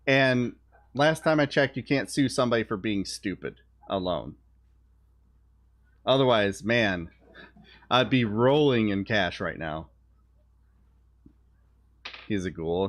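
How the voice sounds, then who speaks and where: Slowly, with long pauses, a young father on a live stream drifts through offhand political commentary in a somewhat low voice. Blunt sarcasm, throwaway swearing and wry asides run through his chat with viewers.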